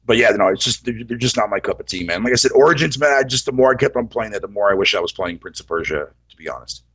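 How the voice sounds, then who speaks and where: Casting: husky man, quick and lively delivery, easygoing gamer chat. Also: on the low side, poor audio. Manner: laid-back, says "man" a lot. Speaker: podcast co-host. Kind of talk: casual gaming chat.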